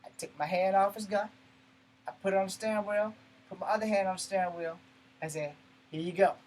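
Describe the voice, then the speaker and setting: A man telling a personal story in a blunt, profane, animated way, breaking off and restarting mid-sentence. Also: sits high, a little fast, slight background noise, low-quality recording. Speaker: martial arts channel host. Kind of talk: personal story told to camera.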